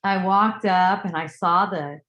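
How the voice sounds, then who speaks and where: A woman telling a personal story in a casual, animated way, acting out what others said and swearing now and then as she draws a life lesson from it. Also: lowish voice, unhurried, lo-fi sound. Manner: animated, acts out quoted voices, swears casually. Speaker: spiritual teacher. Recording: echoey room.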